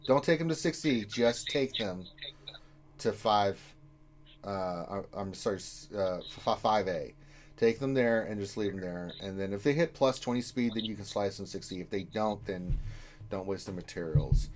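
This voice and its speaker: A man's voice: on the low side, moderate pace, a little hiss or hum. A man in his forties, co-hosting a casual gaming live stream and giving advice in a rambling way. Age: 40s. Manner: loud bursts of laughter, rambling.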